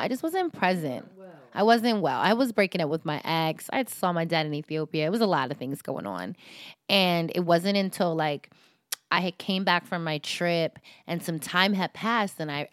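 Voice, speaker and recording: A woman's voice: fairly low pitch, animated, normal speed, no room sound, clean studio sound. A young woman from Philadelphia, a podcast guest in casual chat, candid and self-mocking, laughing often as she tells her stories.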